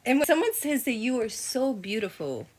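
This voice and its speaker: A woman's voice: on the high side, big pitch swings, normal speed. A woman talking casually with her young child and her viewers during a home livestream. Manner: chatty and motherly, talks to her child and to viewers. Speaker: livestream host and mother.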